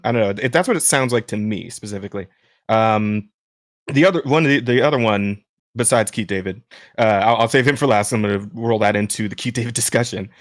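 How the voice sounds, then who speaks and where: A man hosting a podcast in casual chat with a smooth voice. He rambles with many restarts. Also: medium pitch, no echo, studio quality. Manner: rambling, many restarts and fillers, laughs while talking. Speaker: podcast host.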